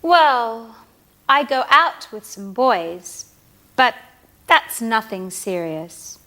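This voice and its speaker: A carefree, chatty young woman in a language course drama. Her voice is bright and a little high, and she talks slowly and lightly. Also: sing-song, full character voice. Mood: breezy.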